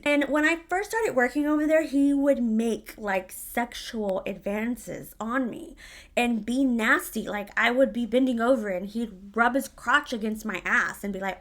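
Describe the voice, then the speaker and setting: Bright-voiced blunt woman vlogger. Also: on the high side, normal speed. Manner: blunt, swears freely, animated retelling. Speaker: vlogger telling a story. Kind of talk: casual storytime.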